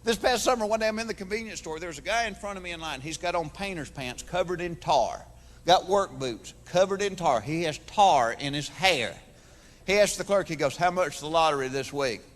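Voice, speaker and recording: A high-voiced Southern stand-up comedian from Georgia, US, works a large theater stage in front of an audience at a moderate pace. His routine is folksy storytelling with voices, and the room leaves a long reverb tail.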